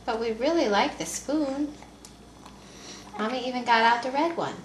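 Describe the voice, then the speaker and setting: A mother softly coaxing her baby through a feeding, speaking in gentle baby talk on a home video. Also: fairly high pitch, moderate pace, slight background noise. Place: room at home. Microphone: home video camera. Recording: echoey home video room.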